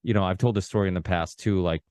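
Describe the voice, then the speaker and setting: A man born in Portugal, hosting a podcast and telling a personal story in an animated, casual way, with many restarts and some swearing. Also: sits low, fast, smooth, no room sound, clean studio sound. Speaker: podcast host. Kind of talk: casual conversation.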